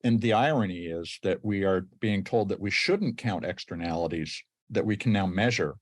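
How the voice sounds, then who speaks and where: A man's voice: low-pitched, normal speed, dry recording. A man hosting a podcast interview, setting up questions with emphatic, engaged remarks. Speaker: podcast host.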